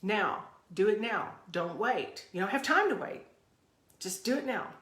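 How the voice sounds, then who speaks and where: A woman's voice: mid-range voice, expressive, unhurried, a bit bright. Fired-up woman ranting in an echoey room. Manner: fired up, emphatic, repeats phrases. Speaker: podcast host. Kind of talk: fervent motivational rant.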